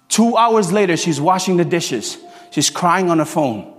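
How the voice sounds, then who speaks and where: Male preacher, high voice, animated storytelling sermon, long hall reverb, soft music underneath. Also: a little slow.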